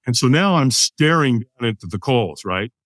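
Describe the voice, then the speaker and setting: Telling a story from his own life on a podcast, an American man in his sixties speaks at a normal speed in an animated, mid-range, slightly bright voice. There's no echo, and he vividly impersonates the others he quotes.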